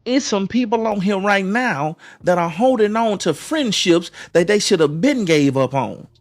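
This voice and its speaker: A man's voice: sits high, lively intonation, moderate pace, dry recording. A man hosting a live stream, giving relationship advice in a preachy way, repeating phrases and restarting often. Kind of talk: motivational live-stream talk.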